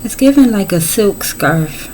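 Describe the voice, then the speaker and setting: A woman's voice: mid-range voice, expressive, unhurried, darkish tone, a little hiss or hum, rough recording. A middle-aged woman giving a casual tarot reading, chatty and folksy with playful asides. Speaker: tarot reader.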